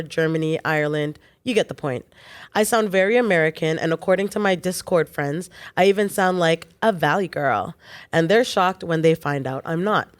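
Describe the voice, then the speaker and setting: A woman co-hosting a chat show, reading a listener's post aloud with quick casual asides. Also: on the low side.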